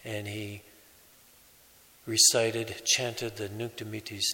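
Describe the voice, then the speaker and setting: A priest delivers a sermon in a slow, measured way, pausing between phrases. His voice is slightly low yet bright and forceful. A long church reverb trails behind every word. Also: flat delivery. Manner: slow, measured preaching with pauses.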